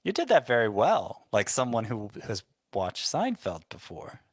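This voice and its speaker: A man's voice: mid-range voice, huge pitch swings, moderate pace, no echo, studio quality. A man co-hosting a sports podcast in casual chat, making wry, understated remarks. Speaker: fantasy baseball podcast co-host.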